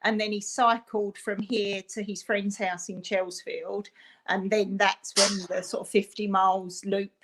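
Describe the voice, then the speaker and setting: A woman's voice: mid-range voice, flat delivery, measured pace, fairly bright tone, low-quality recording. A woman, a parent chatting on a video call, rambling with lots of fillers. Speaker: parent of a fundraiser. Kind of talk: casual chat on a video call.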